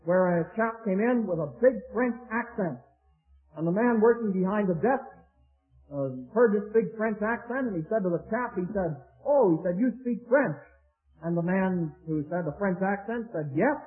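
A man preaching a sermon in a measured, anecdotal way, slowing down to stress key phrases. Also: high voice. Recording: tinny phone-like archival recording.

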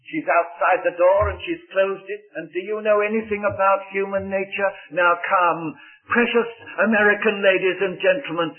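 A man preaching a sermon, telling a Bible story vividly with playful asides. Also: sits high. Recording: tinny phone-like old sermon tape.

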